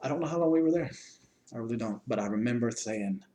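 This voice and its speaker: A man's voice: mid-range voice, animated, fast talker, warm tone, slight background noise, low-quality recording. A man earnestly retelling a rescue to the person he helped save, stopping and restarting often and repeating words. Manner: earnest, plain-spoken. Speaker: eyewitness recounting a rescue.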